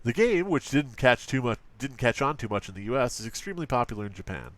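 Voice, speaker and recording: A man's voice: medium pitch, lively intonation, quick pace, a bit bright, no room sound. A man casually commenting on an old gaming magazine, joking, swearing and using lots of fillers. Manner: profane, joking, frequent fillers. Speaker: let's play host.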